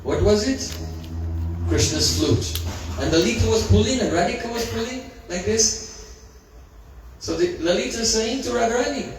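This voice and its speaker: A man telling devotional stories to a live audience, animated, acting out voices and quizzing listeners. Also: high voice, moderate pace, long pauses. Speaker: spiritual teacher telling sacred stories. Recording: very echoey hall, mic far off, faint hiss.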